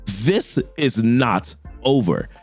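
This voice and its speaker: A man's voice: mid-range voice, animated, extremely slow, darkish tone, faint music behind, voice pushed down. A man voicing a cruel, haughty young sorceress who taunts her enemy. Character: cruel young woman sorceress, scornful sister.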